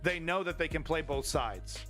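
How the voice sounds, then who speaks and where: A man's voice: fairly high pitch, normal speed, pushed and bright, faint music behind. A man hosting a casual news commentary stream, opinionated, profane and rambling.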